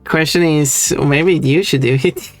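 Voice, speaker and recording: Super low-voiced woman on a stream call, dry offhand jokes, faint music behind. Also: a little slow. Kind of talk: casual chat on a live stream.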